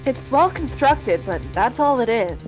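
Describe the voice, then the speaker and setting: A woman voicing a calm, confident woman lawyer who mentors, reading game lines in a steady, encouraging way. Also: fairly high pitch, unhurried, music in the background. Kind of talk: reading game dialogue aloud.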